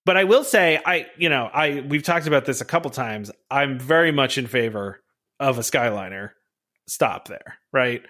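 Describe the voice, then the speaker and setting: A man's voice: mid-range voice, lively intonation, normal speed, sharp tone. A man hosting a podcast in casual chat, talkative and loose, tossing in "right?" and "you know" as he goes. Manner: chatty, says "right?" and "you know" a lot. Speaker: podcast host.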